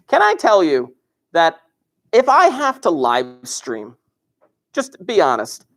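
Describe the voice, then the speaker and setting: A man's voice: high-pitched, fairly bright tone. A man teaching an algebra class over a livestream from his classroom desk, joking and teasing his students and chuckling often. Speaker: high school algebra teacher.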